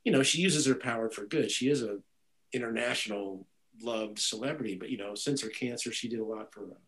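Man, guest musician, casual interview, rambling storyteller, restarts, lively. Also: mid-range voice, brisk, poor audio. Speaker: guitarist and music director, guest.

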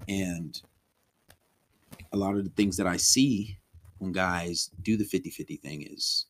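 A man's voice: deep voice, unhurried, long pauses. A man teaching a relationship course in a loose, conversational way, often acting out his clients' complaints. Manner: loose and conversational, many ums and restarts, acts out clients' complaints. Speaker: relationship coach. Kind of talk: casual spoken lesson.

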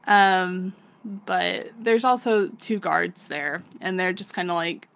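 A woman's voice: fairly low pitch, slow, vocal fry, fairly bright tone. A woman co-hosting a podcast, casually recapping a manga, laughing often and swearing freely as she acts out the characters. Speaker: podcast co-host.

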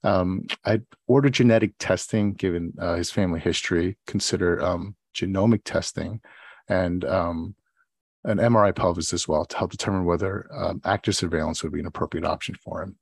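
Low-voiced man. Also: steady tone, a little fast, vocal fry, breathy edge, dry recording. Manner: loose storyteller, many fillers and restarts. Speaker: podcast co-host. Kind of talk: casual podcast chat and mock oral exam.

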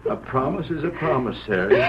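A man's voice: medium pitch, very animated, brisk, lo-fi sound, natural voice. Man playing a folksy frontier settler. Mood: tender. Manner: folksy, plainspoken. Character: weathered frontier settler, loyal husband. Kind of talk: 1940s radio drama acting. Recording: old radio recording with audible hiss.

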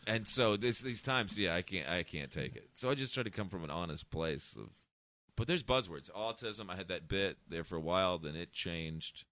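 A man's voice: low-pitched, expressive, normal speed, sharp tone, no room sound. A man who is a stand-up comedian, telling blunt, profane stories in casual chat. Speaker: comedian guest.

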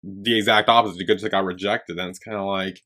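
A man co-hosting a podcast in relaxed casual chat, hesitant and easygoing. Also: deep voice, fairly quick. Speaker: podcast co-host.

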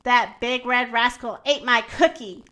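A woman's voice: on the high side, measured pace, pushed and bright. A woman doing a proud fussy baker man. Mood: rueful. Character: fussy middle-aged male baker, proud of his cookie.

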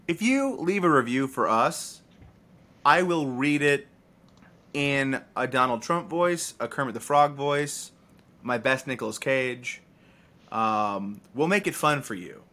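Brief: playful male co-host, bright and animated. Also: mid-range voice. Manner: playful, quick to riff and joke. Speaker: podcast co-host. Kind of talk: casual podcast chat.

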